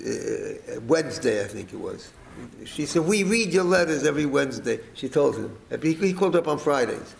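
A middle-aged man telling a family story to listeners, rambling and animated, acting out the quoted speech. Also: fairly high pitch, vocal fry, reverberant, a little hiss or hum, low-quality recording.

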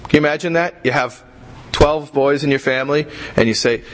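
A man's voice: on the high side, normal speed, a little hiss or hum, poor audio. A man teaching a religious class in a conversational way, repeating himself and asking rhetorical questions. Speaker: Torah teacher.

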